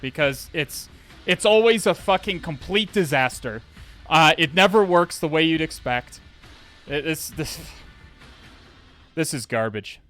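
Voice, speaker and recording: A man's voice: fairly high pitch, animated, measured pace, pauses often, fairly bright tone, faint music behind. A man live-streaming a hacking session, talking to viewers in an exasperated way, swearing, sighing and restarting his sentences. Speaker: livestreamer.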